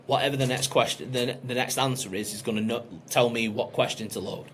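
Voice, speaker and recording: A man's voice: medium pitch, fairly even intonation, fairly quick, few pauses, slight background noise. A man, coaching a group on a call, blunt and emphatic with frequent swearing. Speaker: business coach.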